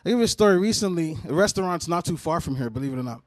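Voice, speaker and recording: High-voiced male comedian telling a story. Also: rapid-fire, no room sound, studio quality. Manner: animated, profane, conversational storytelling. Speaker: comedian guest. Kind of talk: storytelling on a talk show. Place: studio.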